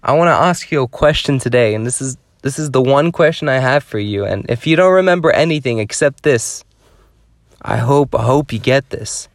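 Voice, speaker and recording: A man's voice: mid-range voice, lively intonation, normal speed, no room sound, clean studio sound. A man preaching a devotional sermon, pleading with his listeners in an earnest, exhorting way.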